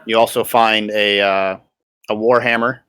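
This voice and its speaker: Halting bright-voiced man running a tabletop game. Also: lowish voice, steady tone, clean tone, no echo. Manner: halting, many fillers and restarts. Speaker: dungeon master. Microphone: video call.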